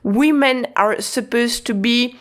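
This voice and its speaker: A woman teaching a lesson in a casual, patient way, repeating points slowly with restarts and fillers. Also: on the high side. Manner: slow, repetitive, patient explaining with many restarts and fillers. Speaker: Japanese teacher.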